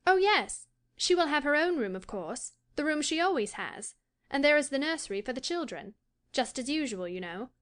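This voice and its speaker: A woman playing a bright, reassuring young daughter. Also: sits high, big pitch swings. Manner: cheerful, soothing, brisk. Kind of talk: audiobook character voice.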